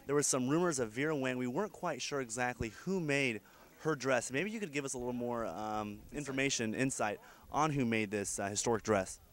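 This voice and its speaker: A man doing mock broadcast commentary as an event reporter, speaking in a deadpan, mock-formal announcer tone. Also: mid-range voice, fairly quick.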